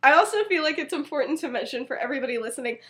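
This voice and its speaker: A young woman with a high, bright voice chats casually as a podcast co-host. She talks in a loose, rambling way, full of "like" and quick laughs, as she walks through a story she has read. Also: expressive. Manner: chatty, fills with "like", breaks into laughter. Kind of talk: casual chat retelling a story.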